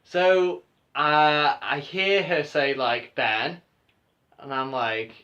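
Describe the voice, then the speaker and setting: A man's voice: on the high side, very slow, dull audio. A young man co-hosting a podcast, telling an embarrassing story in casual chat and acting out the voices of the people in it. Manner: animated, acts out quoted voices. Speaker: podcast co-host.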